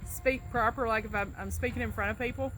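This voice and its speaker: A woman's voice: on the high side, fairly even intonation, fairly quick, over music. A woman with a Southern US accent, chatting casually and telling stories with a laugh. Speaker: vlogger doing an accent tag. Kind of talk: casual chat.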